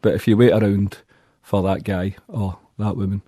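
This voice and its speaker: A man's voice: lowish voice, steady tone, normal speed, mellow, breathy edge, no echo, studio quality. A man with a Glaswegian accent, talking bluntly and plainly as a musician in a casual interview. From Scotland. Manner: blunt, plainspoken, uses local slang. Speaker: musician guest.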